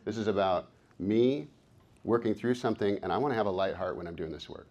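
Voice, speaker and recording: A man's voice: lowish voice, fairly quick, a little mellow, lo-fi sound. A man in his fifties giving a live workshop talk, upbeat and encouraging, playful with the audience. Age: 50s. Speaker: workshop presenter and coach. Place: conference workshop room.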